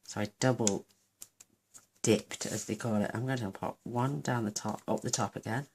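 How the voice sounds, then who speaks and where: A woman's voice: extremely low pitch, steady tone, normal speed, a little mellow, slight background noise. A woman hosting a card-making tutorial, chatting casually and gushing over her work as she thinks aloud. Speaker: craft channel host.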